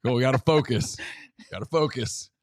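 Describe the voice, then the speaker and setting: A man's voice: medium pitch, brisk, a little mellow, dry recording. A middle-aged man co-hosting a casual sports talk show, chatty and exasperated with laughing asides. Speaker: co-host.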